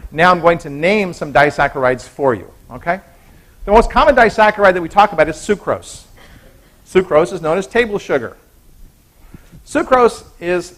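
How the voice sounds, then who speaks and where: A man's voice: a little high, a bit bright. A man giving a university biochemistry lecture in a chatty way, often stopping to correct himself. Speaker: biochemistry professor.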